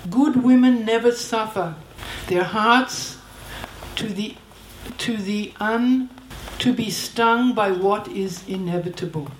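A woman's voice: mid-range voice, slow pace, a little hiss or hum, lightly acted. A woman voicing a tender, grieving elderly queen mother who speaks in a formal, archaic way. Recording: roomy echo.

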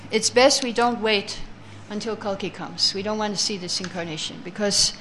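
A woman leads a scripture class, chanting verses slowly before reading them out and explaining each one. Her voice sits at an ordinary middle pitch, and a faint hiss of background noise runs under it. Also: fairly bright tone. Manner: chants Sanskrit verses slowly, then reads translations and explains; takes answers from the class.

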